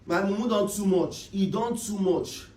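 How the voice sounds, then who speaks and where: A Nigerian man delivers a heated, scolding rant straight to his online audience, circling back over the same lines in exasperation. His voice sits high for a man and has a husky, breathy edge. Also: normal speed, warm tone, poor audio.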